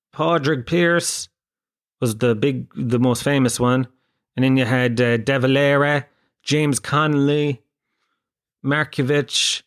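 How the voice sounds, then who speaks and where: Casting: young man, stand-up comic, rambling and sweary, self-mocking, mid-pitched voice. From Ireland. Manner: rambling, profane, self-deprecating. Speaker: stand-up comedian. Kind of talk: stand-up comedy storytelling.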